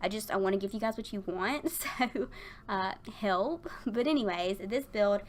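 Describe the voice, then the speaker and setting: A woman's voice: mid-range voice, normal speed. A young woman talking over her build in a chatty, rambling way with lots of fillers and giggles, a little out of breath. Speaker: Sims builder YouTuber. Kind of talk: casual voiceover chat. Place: at her desk at work.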